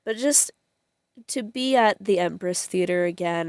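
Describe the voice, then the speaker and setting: A woman's voice: on the low side, unhurried, darkish tone, no room sound, clean studio sound. A young woman chatting casually on her vlog, rambling with fillers and frequent giggles. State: tearful at times. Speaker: vlogger.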